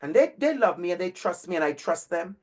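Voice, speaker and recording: A man speaks in a fairly high voice as he tells stories to an audience. His delivery is animated and emphatic. He repeats key words and acts out the voices of the children in his stories. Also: fairly quick. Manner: emphatic repetition. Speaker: educator and speaker. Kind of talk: storytelling talk.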